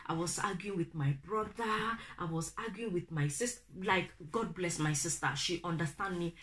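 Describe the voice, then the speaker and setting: A young Nigerian woman with a Nigerian accent, telling a family story to her viewers, animated and acting out the people she quotes. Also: lowish voice, normal speed. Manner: animated, acts out quoted family members in raised voices. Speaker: vlogger. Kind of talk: casual storytelling to camera.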